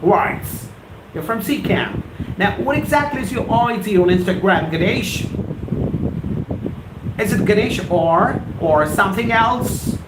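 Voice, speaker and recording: A man in his forties, a spoken English tutor running a live lesson, theatrical and animated, drilling words over and over. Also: sits high, unhurried, long pauses. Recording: roomy echo with background noise.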